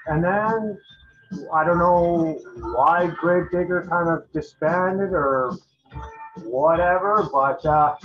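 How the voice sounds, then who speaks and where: Fairly high-pitched and a bit bright, a man hosting an album review channel casually goes over records in his collection. His enthusiastic metal talk is loose and rambling, with lots of fillers and restarts, and it comes through a dull lo-fi recording.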